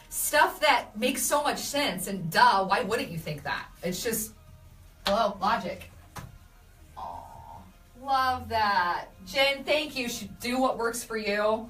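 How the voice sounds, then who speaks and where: Young woman host, chatty animated storytelling, bright voice, roomy far-off mic. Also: mid-range voice. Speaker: radio host doing a live video. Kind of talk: casual live-stream chat reading comments.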